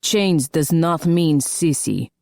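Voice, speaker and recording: A stubborn male hockey player, insisting in broken English, as a woman narrator puts him on. The voice is low and dry. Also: animated, slow, gravelly, darkish tone, dry recording, full character voice.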